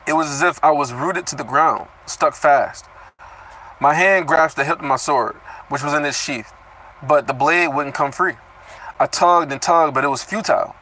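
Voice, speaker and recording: A young man with a bright, fairly high voice reads a fantasy chapter aloud on a live stream. He keeps breaking off to riff with loose, profane commentary and trips over tricky words. It is casual and unpolished. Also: moderate pace, slight background noise, poor audio. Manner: animated, swears freely, breaks off reading to riff, stumbles over words. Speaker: reaction streamer reading a web novel aloud.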